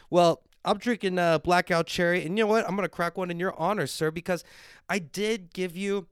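Guy ranting on his home podcast, cussing nonstop, smooth clean voice. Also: high-pitched, expressive, fairly quick, no echo, clean studio sound. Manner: swears constantly, ranting and riled up; drinks on air and reads viewer comments. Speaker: podcast host. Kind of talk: profane livestream rant.

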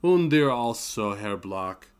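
A man's voice: mid-range voice, animated, slow pace, clear, resonant tone. A man voicing a young woman, teasing and lightly formal in an audiobook reading.

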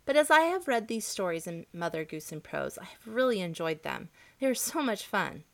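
A woman hosting a reading show, narrating a children's story in a gentle, expressive way. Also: medium pitch, normal speed, vocal fry. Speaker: storybook reader, host.

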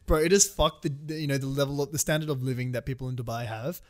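A man's voice: medium pitch, fast talker, darkish tone. A young man from Australia co-hosting a casual podcast chat, swearing freely and often laughing. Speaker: podcast co-host.

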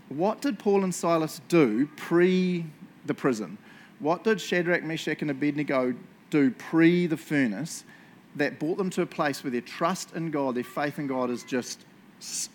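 Bible study leader, man, slightly high pitch, casual and joking, quizzes the room; faint background hum. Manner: chatty, jokey, asks the room questions. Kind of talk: casual Bible teaching to a group. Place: indoor room with a group.

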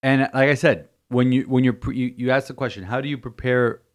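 Speaking briskly at medium pitch with fairly even intonation, a priest reflects on scripture in a podcast homily. He hammers points home, repeats himself, and keeps stumbling and starting sentences over.

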